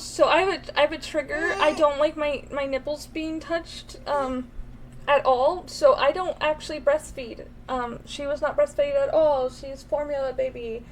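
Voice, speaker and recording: A woman's voice: high-pitched, steady tone, measured pace, a little hiss or hum, poor audio. A young woman streaming a game, reading its narration aloud while chatting and cooing at her baby.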